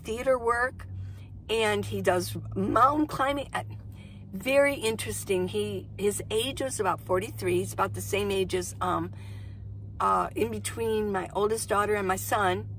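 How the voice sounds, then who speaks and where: A woman's voice: mid-range voice, fairly bright tone, a little hiss or hum. A woman in her sixties, a van-life vlogger, casually telling a story to camera in a chatty, rambling way, acting out what people said. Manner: chatty, rambling, acts out quoted dialogue.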